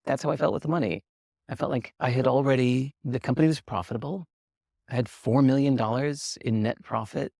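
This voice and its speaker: A man being interviewed, telling a story in casual talk and acting out the dialogue with lively swings in pitch, laughing now and then. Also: a little fast, gravelly, no room sound, clean studio sound. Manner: animated, acts out quoted dialogue with lively jumps in pitch. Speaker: interview guest.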